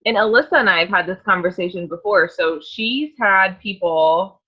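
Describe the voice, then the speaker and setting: Husky woman coaching over a dull call. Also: medium pitch, moderate pace. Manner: emphatic, preachy coaching. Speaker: host, team leader. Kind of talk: motivational sales team call. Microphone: video call. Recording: dull lo-fi video call audio.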